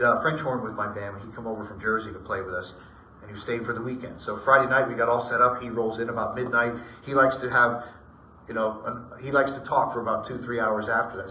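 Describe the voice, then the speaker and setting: A man's voice: mid-range voice, far from the mic, slight background noise. A middle-aged man telling personal ghost stories to a group in a casual, rambling way, acting out what people said. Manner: rambling, animated retelling with acted-out dialogue. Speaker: storyteller. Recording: echoey room, voice from off-mic.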